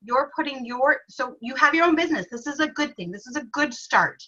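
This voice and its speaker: A woman's voice: sits high, animated, a little fast, sharp tone. A woman guest in a conversational interview, explaining things earnestly with examples. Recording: dull lo-fi sound.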